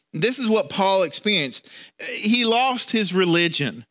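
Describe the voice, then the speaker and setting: A man's voice: high-pitched, expressive, measured pace, sharp tone. A man preaching a sermon in a conversational way, often repeating words and restarting as he tells a story. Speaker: pastor.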